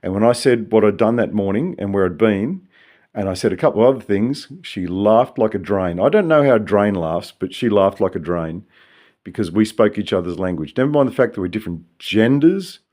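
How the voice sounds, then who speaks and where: A man's voice: on the low side, animated, brisk, a little mellow. An older man with an Australian accent talking in a rambling, tangential, sometimes profane solo monologue. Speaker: vlogger.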